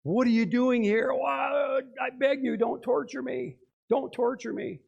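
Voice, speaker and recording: A man's voice: fairly even intonation, a little slow, vocal fry, a little mellow, husky, dull audio, heavily acted. A pastor acting out a desperate male demon, crying out and pleading in a raised voice. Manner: shrill pleading outcry.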